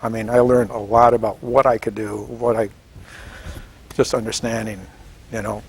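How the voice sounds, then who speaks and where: A man in his seventies from Washington State, telling his story in an oral history interview, animated and chuckling, acting out the voices of people he quotes. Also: on the low side, moderate pace, creaky, husky. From Washington State, United States. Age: 70s. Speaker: veteran interviewee.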